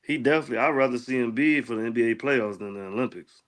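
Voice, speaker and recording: A man on a sports podcast panel giving quick, decisive opinions in casual banter. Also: medium pitch.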